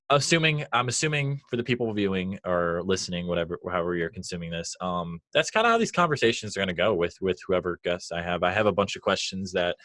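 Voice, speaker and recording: Young male host, very deep voice, casual and chatty with lots of fillers. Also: bright, forceful tone, no echo. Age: young adult. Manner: friendly, filler-heavy, laughs easily. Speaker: podcast host. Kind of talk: casual interview chat.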